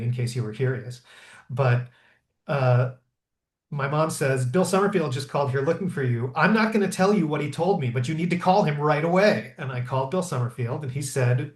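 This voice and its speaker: A man in his thirties, a historical interpreter, telling stories in a lively way with many fillers and restarts. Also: medium pitch. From Pennsylvania. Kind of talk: conversational storytelling. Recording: roomy echo.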